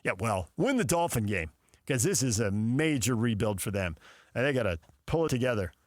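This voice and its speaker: A man's voice: mid-range voice, big pitch swings, moderate pace, dry recording, clean studio sound. A man hosting a sports talk show, riffing casually with sarcastic asides and mock dialogues.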